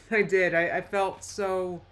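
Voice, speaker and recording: A woman's voice: on the low side, fairly even intonation, fairly bright tone. Chatty woman live-stream reactor. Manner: chatty, rambling, quick asides with laughs. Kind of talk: casual live-stream commentary.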